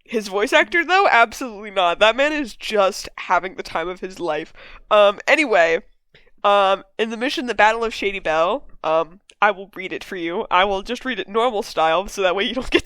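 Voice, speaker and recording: A woman's voice: mid-range voice, animated, moderate pace, fairly bright tone, clean tone, no echo. A woman hosting a casual game discussion podcast, rambling with lots of fillers and casual swearing. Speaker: podcast host. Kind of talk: casual chat.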